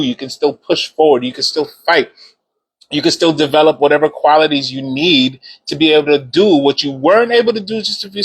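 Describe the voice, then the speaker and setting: A man's voice: on the high side, husky, rough recording. A man hosting a casual live stream, cheering viewers on and repeating his points as he chats into a phone.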